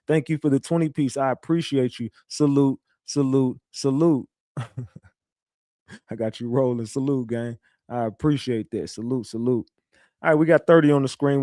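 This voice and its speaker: A man's voice: medium pitch, a little mellow, no echo, studio quality. A man hosting a livestream, talking in a loose, rambling way with street slang and many restarts. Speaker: livestream host. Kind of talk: casual livestream commentary.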